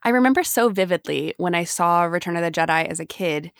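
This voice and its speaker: Woman co-host, casual fan chat, slightly low, dry sound. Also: lively intonation, brisk, gravelly, dry recording. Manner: chatty, many fillers and restarts. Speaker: podcast co-host.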